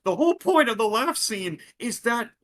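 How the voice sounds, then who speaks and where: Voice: medium pitch, very animated, moderate pace, a bit bright, a little hiss or hum. A co-host chatting casually on stream, talking with eager fan enthusiasm.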